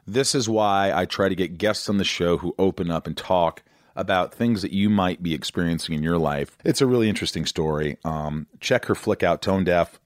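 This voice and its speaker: A man in his forties hosting a podcast, talking in an amped-up, energetic, rambling way. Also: low-pitched, normal speed, no echo, clean studio sound. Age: 40s. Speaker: podcast host. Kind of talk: casual interview chat.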